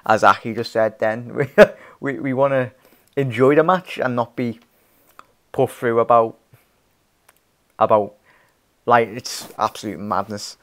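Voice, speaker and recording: A man's voice: mid-range voice, fairly even intonation, a little slow, long pauses, fairly bright tone. A young man hosting a casual live stream, reading viewer comments, rambling with frequent laughs and restarts. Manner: rambling, laughs often, many restarts, calls viewers fella and mate. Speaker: fan channel host.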